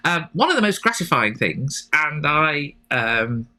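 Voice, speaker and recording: Woman, podcast co-host, excited rambling chat, bright tone. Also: deep voice, unhurried. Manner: enthusiastic, rambling with many fillers. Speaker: podcast co-host and rugby photographer. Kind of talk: excited casual chat about rugby.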